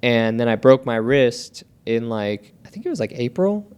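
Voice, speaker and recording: Smooth-voiced man, candid and profane. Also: medium pitch, sing-song, normal speed, darkish tone. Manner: candid, profane, rambling storytelling. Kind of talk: casual chat.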